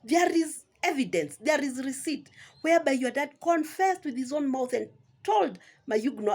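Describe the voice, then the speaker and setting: A Kenyan-accented woman vlogger rants at her rivals, scolding and sarcastic, and keeps throwing in "eh?". Her voice is high and a little mellow, with lively intonation and a moderate pace.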